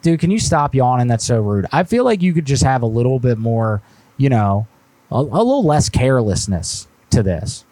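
A man's voice: mid-range voice, big pitch swings, moderate pace, mellow, no room sound. A man hosting a live stream and making a prank call, fake-friendly and then needling with mock offense. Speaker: prank caller, host.

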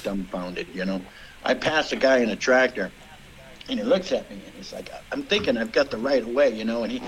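A middle-aged male comedian from the Boston area telling rambling, profane stories at an even pitch. His talk runs on casually. A faint hiss of noise sits under the recording. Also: low-quality recording. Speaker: comedian guest. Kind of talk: casual podcast chat.

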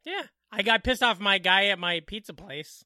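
A man's voice: sits high, moderate pace, pushed and bright, no room sound, clean studio sound. A man co-hosting a podcast from home, chatting casually with sarcastic, profane jokes. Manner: joking, profane, sarcastic asides. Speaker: podcast co-host. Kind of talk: casual comedic chat. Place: home living room.

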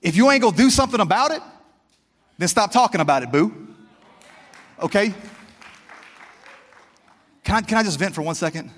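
A man with a high, bright-edged voice, preaching with fervour and speaking straight to his congregation. His words carry a long, ringing hall reverb, as in a church sanctuary. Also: lively intonation, moderate pace, long pauses, some chatter behind. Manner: fervent, conversational, talks straight to the congregation. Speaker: pastor. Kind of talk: sermon.

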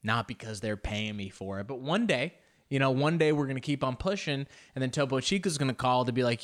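A male podcast host talking alone in a loose, rambling way, often restarting his sentences and poking fun at himself. His voice sits at an ordinary pitch but jumps up and down as he goes. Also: expressive, a little fast. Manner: rambling and self-deprecating, with many fillers and restarts. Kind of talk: casual solo podcast talk.

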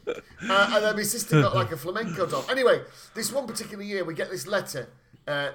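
Bright-voiced, animated man. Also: high voice, brisk, slight background noise. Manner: animated storyteller, swears freely, laughs while talking. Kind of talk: casual comedic chat.

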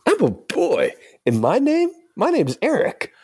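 Guy doing a squeaky defensive little boy, yelping way up high. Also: wildly swooping pitch, a little slow, darkish tone, husky, heavily acted. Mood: indignant. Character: young boy accused of theft, defensive.

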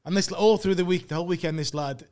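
A man, a comedian guest, chats casually and tells rambling anecdotes, often breaking into laughter and swearing as he goes. His voice sits a little higher than most men's. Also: fast talker, darkish tone. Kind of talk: casual chat.

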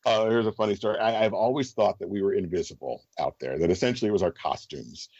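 A middle-aged man with a lowish voice tells stories as an interview guest, animated and quick to laugh. The recording is a little dull and very dry, like a close podcast mic. He talks casually, as if chatting with friends. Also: dry recording. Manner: animated storyteller, laughs often. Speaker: guest, stage performer.

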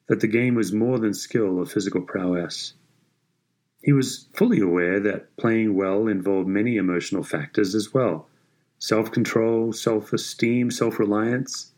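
Man narrating a story in a low voice. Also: darkish tone.

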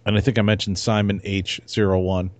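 低沉的男人，爱开玩笑的播客主持人. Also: male voice, lowish voice, level tone, a little fast, no room sound. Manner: joking, teasing, laid-back. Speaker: podcast co-host. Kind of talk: casual chat.

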